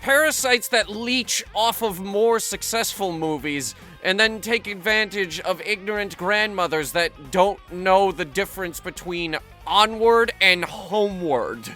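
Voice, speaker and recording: A man's voice: high voice, animated, unhurried, few pauses, pushed and bright, soft background music. A man hosting a comedic movie review, ranting sarcastically and swearing freely.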